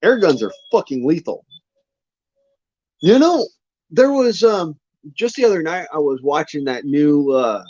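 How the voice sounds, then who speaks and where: A folksy man rambles on in a loose, drawling way and swears freely. His voice sits at an ordinary pitch. The recording is dull and dry, with no room sound. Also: big pitch swings, a little slow, pauses often, a little mellow, no room sound. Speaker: vlogger. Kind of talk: casual rambling monologue.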